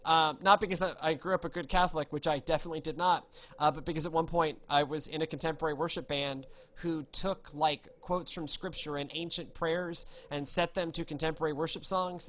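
A man's voice: a little high, fairly bright tone, a little hiss or hum. A man hosting a casual podcast, chatting loosely with many fillers and reading scripture aloud. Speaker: podcast host.

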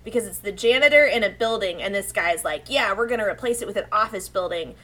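A woman's voice: mid-range voice, expressive, quick pace, a bit bright. A woman chatting casually about an anime episode, animatedly retelling scenes and acting out the characters' lines.

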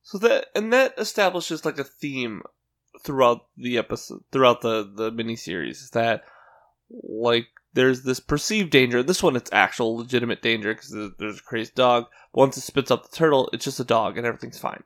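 Male podcast co-host, mid-pitched, rambling and animated, casual recap. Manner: rambling, animated retelling with quick put-on quotes. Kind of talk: casual chat recapping a cartoon.

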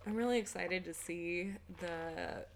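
A woman's voice: fairly low pitch, measured pace, slight background noise. A woman co-hosting a podcast in easygoing casual chat about movies. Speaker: podcast co-host.

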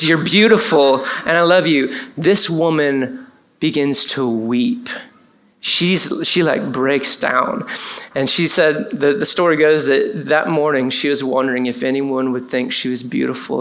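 Man, pastor, conversational sermon, animated asides. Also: mid-range voice.

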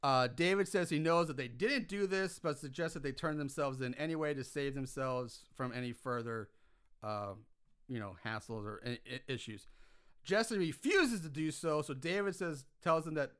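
A man casually recapping a film's plot on a podcast, animated and exasperated by the plot holes. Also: on the high side, moderate pace, clear, resonant tone. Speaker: podcast co-host recapping a film.

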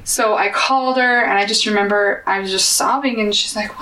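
A woman's voice: medium pitch, steady tone, a little slow, hardly any pauses, fairly bright tone. Young woman guest, earnest and candid; echoey, slightly distant mic. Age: young adult. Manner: earnest and open, sharing a hard personal story. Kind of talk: personal storytelling in an interview. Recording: echoey room, voice a bit off-mic.

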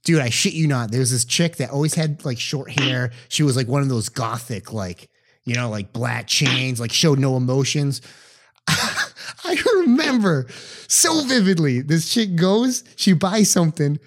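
A young man tells stories on a podcast with plenty of energy. He talks casually, acts out the voices of the people he quotes and swears freely. His voice sits at an ordinary middle pitch. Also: sing-song, unhurried. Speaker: podcast co-host. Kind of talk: casual storytelling chat.

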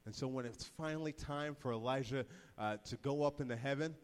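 A man preaching a sermon, retelling the story in a casual, energetic voice full of slang. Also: mid-range voice, fairly quick, big-room sound.

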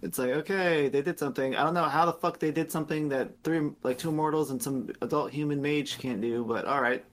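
A man talking casually on a game review podcast, his voice sitting a little high. He retells the story with profanity and quick mocking impressions of the characters. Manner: animated recap, acting out characters, swearing. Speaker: podcast co-host.

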